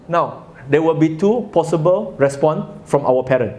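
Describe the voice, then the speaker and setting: A man's voice: on the high side, very animated, slow, darkish tone. A man giving a religious talk to a live audience, telling a story and asking listeners questions. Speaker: religious speaker.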